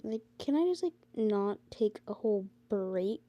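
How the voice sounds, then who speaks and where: A woman's voice: mid-range voice, animated, measured pace, few pauses, warm tone. A teenage girl talking to her phone, tired and rambling with lots of fillers, sometimes ranting in exasperation. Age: teens. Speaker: vlogger. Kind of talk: casual talk to camera.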